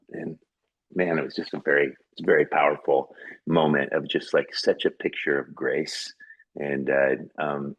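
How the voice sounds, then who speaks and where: An earnest man recounts a family memory as a podcast guest, rambling and full of fillers. His voice sits extremely low and comes out husky and breathy. The recording is dry and close. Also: no room sound, muffled recording. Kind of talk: personal storytelling in conversation.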